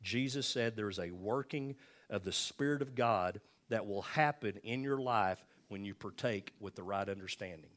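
An older man preaching from the pulpit with a low voice. He talks to the congregation like old friends, with folksy asides and repeated phrases for emphasis. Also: normal speed, a bit bright. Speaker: pastor. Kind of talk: sermon.

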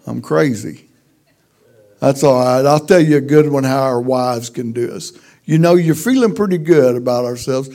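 Folksy gravelly Texan man preaching. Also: mid-range voice, dark tone. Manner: folksy, self-deprecating, humorous. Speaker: pastor. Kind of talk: sermon storytelling.

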